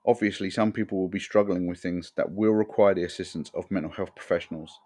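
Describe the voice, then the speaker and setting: A man's voice: sits low, fairly even intonation, quick pace, dark tone. A man hosting a podcast, delivering a frank, earnest monologue from a script. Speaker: podcast host.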